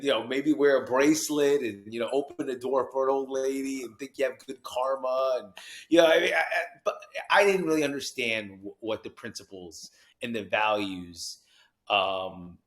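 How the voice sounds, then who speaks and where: A man from New Jersey, a podcast guest telling his story with animated energy and acted-out quotes. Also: medium pitch. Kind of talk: storytelling interview.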